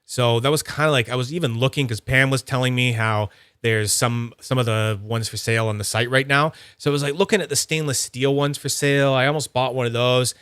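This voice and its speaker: Young guy rambling about fidget toys, bright crisp voice, dry close mic. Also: mid-range voice, steady tone, brisk, no echo. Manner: rambling, filler-heavy, chatty. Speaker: fidget toy reviewer. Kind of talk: casual unboxing chat.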